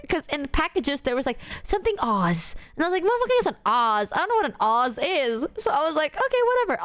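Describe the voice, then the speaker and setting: A woman streamer with a slightly raised voice tells an animated anecdote to her chat. She swears freely and acts out both sides of the exchange. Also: high voice. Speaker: streamer reacting to clips.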